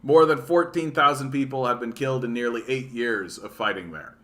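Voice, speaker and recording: A man's voice: medium pitch, brisk, fairly bright tone. A man from Canada giving a casual, profane, sarcastic political rant, reading news aloud and reacting to it. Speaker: political commentary streamer.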